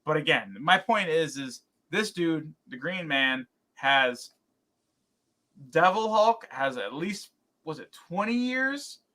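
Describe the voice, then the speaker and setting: A man co-hosting a podcast in casual chat, rambling and animated, with many fillers and restarts. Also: on the high side, takes it slowly. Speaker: podcast co-host.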